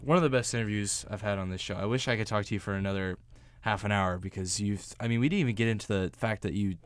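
A man hosting a radio interview show, asking questions in relaxed, chatty talk with frequent fillers. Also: fairly low pitch, quick pace, smooth, no room sound. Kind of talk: casual interview chat.

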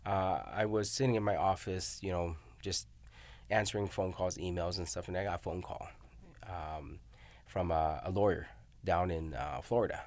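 A middle-aged university professor and researcher, his voice low and darkish with fairly even intonation, talks at a moderate pace. It's a casual academic discussion where he tells stories and leans on "you know?" and "right?".

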